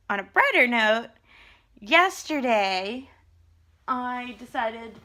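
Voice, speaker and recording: A young woman chatting casually to her camera in a vlog, telling a story in an animated way. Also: fairly high pitch. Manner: animated storytelling, retelling conversations. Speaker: vlogger. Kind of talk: casual chat.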